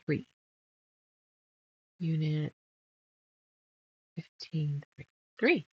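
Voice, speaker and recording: A woman's voice: low voice, animated, extremely slow, husky, muffled recording. A woman hosting a casual sew-along, muttering measurements and chatting while she sorts fabric pieces. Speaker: quilting channel host.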